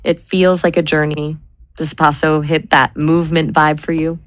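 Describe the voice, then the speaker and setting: A woman brainstorming names in casual chat, measured and spelling words out letter by letter. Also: sits low, little pitch movement, no room sound. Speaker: brainstorming assistant.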